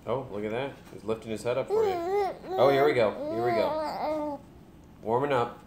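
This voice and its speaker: A man's voice: medium pitch, wildly swooping pitch, moderate pace, background noise. A young man, a dad, joking casually with a live stream chat while talking to his baby.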